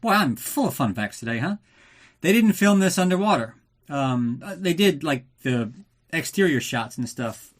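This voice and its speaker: A man hosting a podcast, recapping a film in a casual, sarcastic way, swearing often and acting out the characters in jokey voices. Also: medium pitch. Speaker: podcast host.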